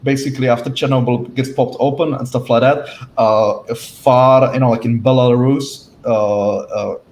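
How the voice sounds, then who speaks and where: A man in a casual discussion, speaking haltingly with many fillers and restarts. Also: medium pitch, steady tone, darkish tone. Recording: echoey room, faint noise.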